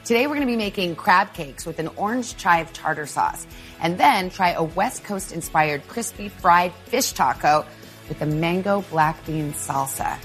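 A woman's voice: fairly low pitch, animated, normal speed, soft background music. Eager woman TV host in a kitchen. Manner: enthusiastic, playful, eager learner. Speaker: TV host learning to cook. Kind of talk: casual cooking-segment chat. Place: kitchen set.

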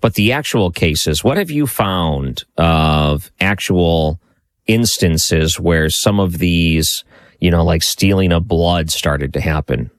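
Male interviewer, very low voice, dry recording, casual and inquisitive. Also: slow, no room sound. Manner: curious, asks stacked follow-up questions.

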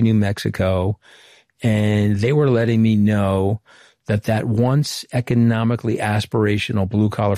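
A man's voice: on the low side, mellow, dry recording, clean studio sound. A middle-aged man from Long Island, New York, giving an earnest, anecdotal account in an interview as a former communications director. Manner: earnest, anecdotal, retells conversations at length. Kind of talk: candid interview storytelling.

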